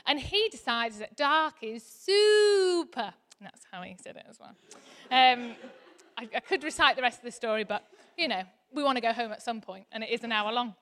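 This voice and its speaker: A woman, preaching a sermon in a chatty, animated way that turns soft and earnest. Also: fairly high pitch, fairly quick.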